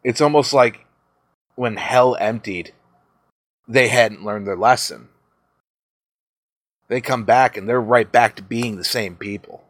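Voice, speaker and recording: A man's voice: mid-range voice, takes it slowly, pauses often, no echo, studio quality. A man hosting a podcast, casually retelling a story with plenty of swearing and laughter. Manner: profane, animated storytelling with laughs. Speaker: podcast host.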